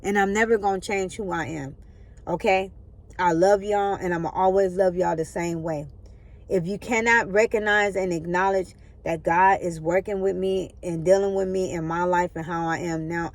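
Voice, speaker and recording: A woman's voice: on the low side, fairly even intonation, moderate pace. Woman preaching into her phone, earnest, keeps asking y'all okay. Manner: earnest, preachy, checks in with listeners often. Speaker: spiritual vlogger. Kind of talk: spiritual motivational talk.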